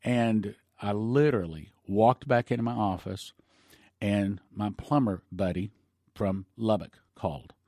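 A man hosts a prophecy ministry broadcast, preaching informally and appealing for support while rambling with restarts and emotional asides. His low, mellow voice moves at a measured pace in a clean studio recording with no room sound.

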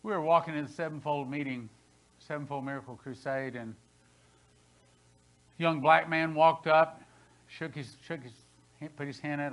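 Bright-voiced preacher in his sixties. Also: on the high side, moderate pace, pauses often, poor audio. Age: 60s. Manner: dramatic preaching, voice rising and falling sharply. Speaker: pastor. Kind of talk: sermon. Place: church sanctuary.

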